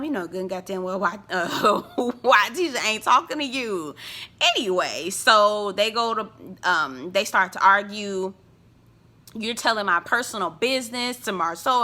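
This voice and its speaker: A woman's voice: mid-range voice, sharp tone. A woman recapping a reality TV episode, sassy and gossipy, with frequent laughs. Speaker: TV reviewer. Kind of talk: casual reality-show recap.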